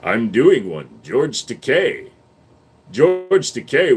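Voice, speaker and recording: A man on a casual livestream who reads viewer questions aloud and answers them quickly. He is blunt and profane, and he turns loud and sarcastic when he argues. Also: mid-range voice, lively intonation. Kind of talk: casual live-stream chat.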